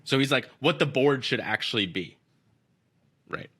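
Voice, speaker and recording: A man's voice: medium pitch, animated, moderate pace, bright, forceful tone. A man co-hosting a podcast, telling a story in loose, profane casual chat, full of "like" and acted-out quotes. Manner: loose and profane, heavy use of "like", acts out quotes. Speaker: podcast co-host.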